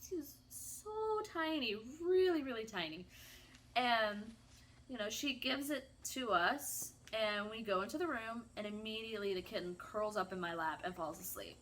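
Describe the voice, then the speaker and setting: A woman telling a casual, animated story while playing a video game, chatty and theatrical. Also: on the high side, a little slow. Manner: chatty, animated, self-described drama kid. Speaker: gaming streamer.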